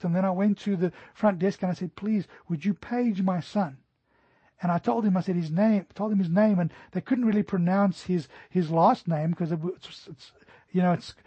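High, husky-voiced man preaching. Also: dark tone, dry recording. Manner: earnest preaching, slowing down to stress scripture. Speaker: pastor. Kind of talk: sermon. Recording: dry, dull lo-fi recording.

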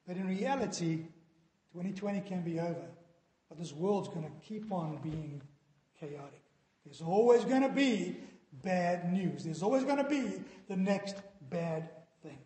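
High-pitched guy preaching, asks the room lots of questions, big echoey church sound. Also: animated, measured pace, dark tone. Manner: earnest preaching with rhetorical questions to the congregation. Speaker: pastor. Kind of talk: sermon. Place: church sanctuary. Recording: echoey hall with long reverb.

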